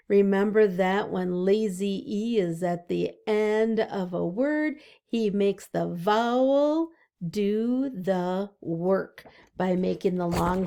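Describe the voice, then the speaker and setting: A woman teacher giving a slow, sing-song phonics lesson to young children over distance learning, drawing out each word. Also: mid-range voice, creaky, a little mellow.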